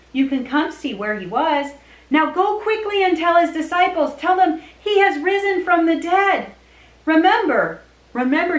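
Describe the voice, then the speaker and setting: A woman teaching a children's church lesson, telling a Bible story to kids in an animated storytelling way. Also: sits high. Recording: echoey room.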